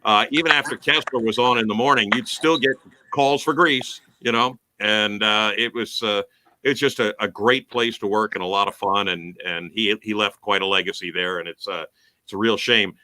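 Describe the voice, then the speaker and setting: A man's voice: on the low side, steady tone, moderate pace, bright, forceful tone, poor audio. A man who is a radio broadcaster, chatting as a guest, rambling enthusiastically with many filler words. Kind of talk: casual chat.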